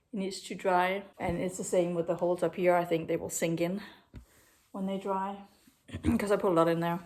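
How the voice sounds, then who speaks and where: A woman's voice: medium pitch, a little mellow. A middle-aged woman narrating her DIY home renovation in a casual vlog, talking to herself as she works, with many fillers and restarts. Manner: chatty, self-talking while working, many fillers and restarts. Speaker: DIY vlogger. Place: living room under renovation, indoors.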